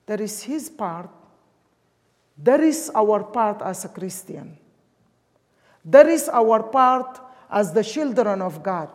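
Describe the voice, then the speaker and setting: A woman's voice: medium pitch, animated, slow pace, long pauses, a little mellow. A woman from Sudan, preaching a sermon emphatically in English. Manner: emphatic, with non-native English grammar. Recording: long hall reverb.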